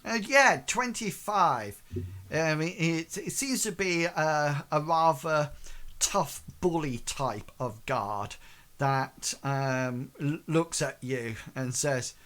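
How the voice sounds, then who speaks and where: Male game master, bright voice, hesitant storyteller. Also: fairly high pitch. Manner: hesitant, many fillers, puts on quick voices for townsfolk. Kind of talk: narrating a tabletop game.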